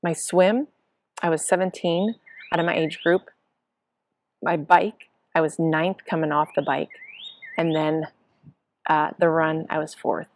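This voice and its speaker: A middle-aged woman, a triathlon coach, telling the story of her race in an excited, chatty way and acting out what people said. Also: low voice, a little slow, pauses often, slight background noise. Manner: excited, breathless storytelling with acted-out quotes. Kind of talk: casual spoken race report.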